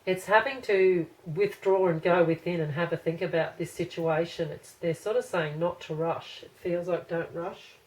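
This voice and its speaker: A woman's voice: fairly low pitch, steady tone, moderate pace, few pauses, a little hiss or hum, poor audio. A woman giving a casual pick-a-card tarot reading to camera, rambling and thinking aloud with many restarts.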